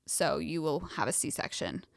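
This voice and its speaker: Young woman podcast co-host, lower voice, dry close sound, chatty and emotional storyteller. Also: lively intonation, unhurried, vocal fry, no echo. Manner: emotional storytelling with many fillers. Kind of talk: casual chat.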